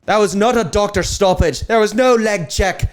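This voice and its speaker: A man puts on a brash Irish fighter with a thick accent, defiant and cocky. He pitches his voice up and pushes it out loud and forceful, every phrase a challenge. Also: moderate pace, lightly acted.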